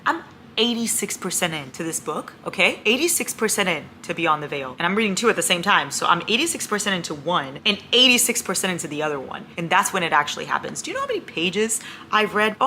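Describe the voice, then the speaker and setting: A young woman vlogging at home about her reading, gushing, excitable and swearing a lot. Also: medium pitch, a little hiss or hum. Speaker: book vlogger. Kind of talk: casual reading vlog.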